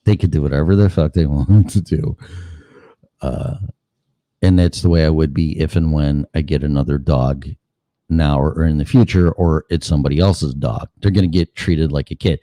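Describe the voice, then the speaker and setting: A man's voice: very deep voice, fairly even intonation, moderate pace, mellow, dry recording. A man hosting a show in a casual, rambling monologue, cursing freely and asking rhetorical questions. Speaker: show host.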